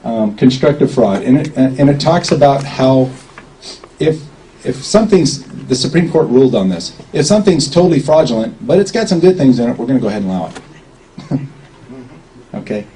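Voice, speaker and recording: A man gives a loose, conversational talk to people gathered around him, often stopping to check whether they follow. His voice is dark and mellow. He was recorded from some distance, with faint background noise. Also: medium pitch, animated, moderate pace. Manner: chatty, asks okay often. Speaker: speaker at a gathering. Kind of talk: informal outdoor talk to a group.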